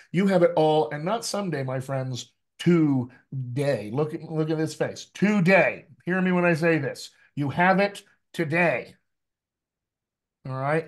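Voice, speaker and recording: Animated male dialect coach on a call. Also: fairly high pitch. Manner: animated, emphatic, repeats phrases for effect. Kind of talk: energetic workshop teaching.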